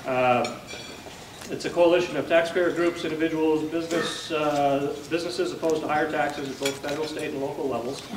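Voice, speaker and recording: At a lunch event in a banquet hall, a male host introduces a speaker in a plain, conversational luncheon speech full of "uh" fillers and frequent pauses. His voice is fairly high. He sits back from the mic, so the sound is roomy and reverberant, with dishes and cutlery clinking in the noisy background.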